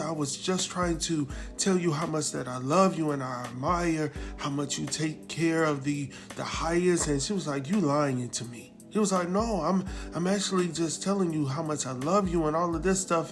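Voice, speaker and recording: A man casually recapping a TV drama episode, telling it in a lively way, acting out the characters' lines and laughing often. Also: a little high, normal speed, few pauses, faint music behind. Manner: animated storytelling, acts out quotes, laughs often. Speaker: recap host.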